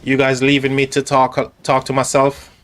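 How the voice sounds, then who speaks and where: A man's voice: medium pitch, monotone, normal speed, fairly bright tone. A man in the middle of his range rambles casually as he hosts a game live stream. He speaks straight to his chat, filling gaps with ums and repeated words as he spectates the match. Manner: chatty, rambling, talks directly to chat with many fillers.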